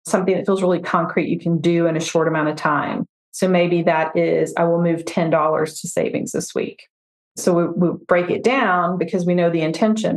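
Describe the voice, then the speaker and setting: A woman, a financial therapist, talking through her approach in a relaxed podcast conversation, often giving examples and voicing her clients. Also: lowish voice, reverberant. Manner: reflective, explains with examples and quoted client voices.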